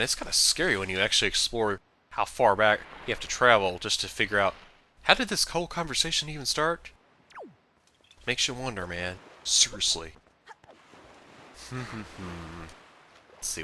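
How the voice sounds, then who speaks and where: A man's voice: fairly low pitch, sharp tone, slight background noise. A man hosting a let's play, rambling through chatty, goofy, self-mocking commentary as he plays. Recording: game music playing behind.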